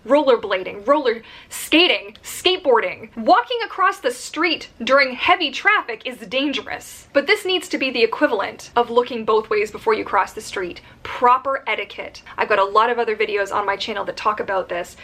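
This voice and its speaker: A woman's voice: fairly high pitch, fairly bright tone. A woman vlogging to camera about her profession, earnest and emphatic, speaking with open anger. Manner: earnest and emphatic, openly angry; lists points in rapid runs. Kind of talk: direct-to-camera vlog.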